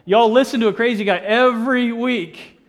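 High-voiced pastor preaching with stammering energy. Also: male voice, moderate pace. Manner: animated, stammering restarts, jokey asides. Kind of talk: sermon.

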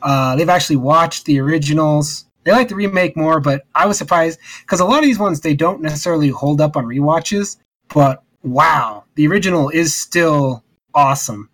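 A man chatting as a podcast co-host, his voice on the higher side. He sounds eager and nostalgic, often breaking off and restarting his sentences. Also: a bit bright. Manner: enthusiastic, nostalgic, halting restarts. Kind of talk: casual chat.

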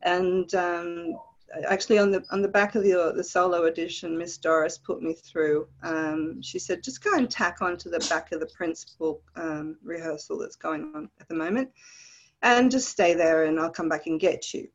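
An Australian woman with a fairly low voice recounts her memories in a lively, descriptive way, often laughing as she goes. The recording sounds a little dull and lo-fi. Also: normal speed. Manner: animated, vivid storytelling with laughs. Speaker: guest. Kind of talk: storytelling in a podcast interview.

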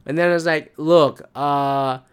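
A man's voice: on the high side, steady tone, slow, clean tone. A man hosting a podcast, ranting in a casual, rambling way, exasperated and full of profanity and restarts. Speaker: podcast host.

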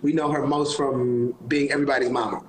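A man's voice: mid-range voice, level tone, brisk, reverberant, a little hiss or hum, poor audio. A man, a gospel singer, talking as a guest on a phone live-stream interview, giving earnest, encouraging, sermon-like advice. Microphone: phone on a live video call.

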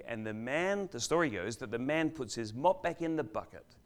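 An older man gives a church sermon as a guest speaker, telling a story in a mid-range voice with lively intonation. Dramatic pauses break it up, and he swings from loud to hushed.

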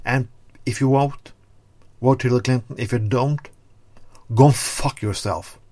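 A man's voice: medium pitch, unhurried, darkish tone, dry recording. A man, host of a political commentary show, delivering a heated, profane rant that hammers words over and over. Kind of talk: angry political rant to camera.

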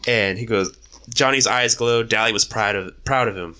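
A man in his twenties casually retelling a story in a profane, animated way, with frequent laughs. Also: lowish voice, normal speed, clean tone. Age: 20s. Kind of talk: casual book discussion.

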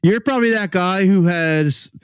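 A man's voice: high-pitched, normal speed, clean tone, dry recording. A man co-hosting a casual sports podcast over an online call, teasing his partner, laughing often and swearing freely. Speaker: podcast co-host.

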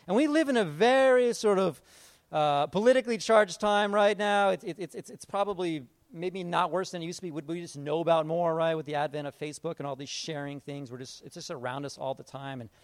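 A male pastor preaching a casual sermon, retelling a Bible story and acting out its figures in quick conversational asides. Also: fairly high pitch.

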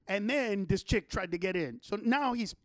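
A man's voice: high voice, normal speed, no echo, clean studio sound. A man telling a long, profane story in casual chat, acting out the quotes.

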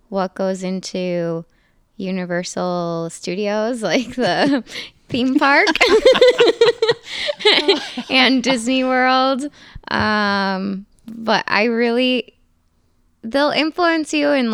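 A young adult woman chatting casually as a panelist, easygoing and quick to laugh. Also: mid-range voice, clear, resonant tone, dry recording, studio quality.

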